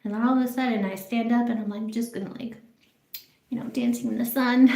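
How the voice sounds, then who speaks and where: A woman telling a casual, rambling story on social media, excited and swearing often, in a busy mall. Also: on the high side, a little fast, creaky, echoey room. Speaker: vlogger. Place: public place in a busy mall.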